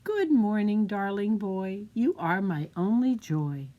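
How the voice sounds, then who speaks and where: A woman's voice: mid-range voice, animated, slow pace, highs cut off. Woman reading as a doting storybook mother. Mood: coaxing. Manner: sweet, coaxing. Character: doting mother coaxing her son.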